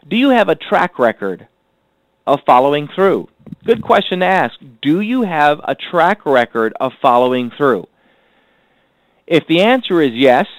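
A man teaching a recorded goal-setting lesson, asking rhetorical questions and repeating key lines slowly for emphasis. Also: fairly high pitch, no room sound, low-quality recording. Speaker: self-improvement teacher.

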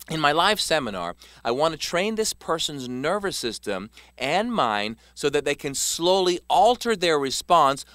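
A man reading a self-help text aloud as scripted narration, measured and emphatic. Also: fairly high pitch, a bit bright, no room sound, clean studio sound. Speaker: author narrating his self-help book.

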